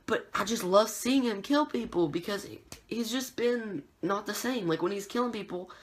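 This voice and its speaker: A woman giving a casual TV episode review, rambling, often restarting and correcting herself, excitable. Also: mid-range voice, normal speed, slightly rough. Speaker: TV show reviewer.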